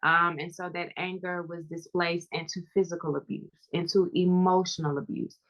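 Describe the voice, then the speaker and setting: A woman's voice: fairly low pitch, level tone, normal speed, a bit bright, highs cut off. A woman guest on a podcast, talking earnestly and reflectively about her family.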